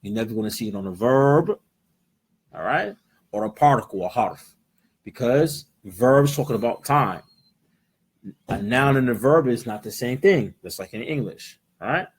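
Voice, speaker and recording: A man's voice: mid-range voice, animated, normal speed, husky. An American man teaching a live class, explaining patiently and checking in with "right?" again and again. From United States. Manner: explains patiently, switching between English and Arabic words. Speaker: Arabic teacher. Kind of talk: classroom lesson. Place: in-person class with students.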